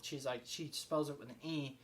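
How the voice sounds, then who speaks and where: A man giving a casual, rambling spoken movie review, excitable and full of fillers and restarts. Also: medium pitch, normal speed.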